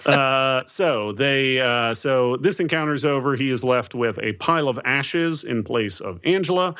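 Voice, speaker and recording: A man in casual comedic podcast chat, walking through a movie plot with lots of "um" and "like". His voice sits at an ordinary middle pitch. He keeps the recap rolling between jokes. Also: unhurried, fairly bright tone, clear, resonant tone. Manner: plot recap with filler words and laughing asides. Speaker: podcast co-host recapping a film.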